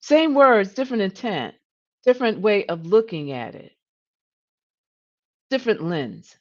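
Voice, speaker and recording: A woman's voice: medium pitch, sing-song, a little slow, a little mellow, lo-fi sound. A woman coach hosting a live-streamed coaching talk, earnest, often repeating words and saying "you know". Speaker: leadership coach and host.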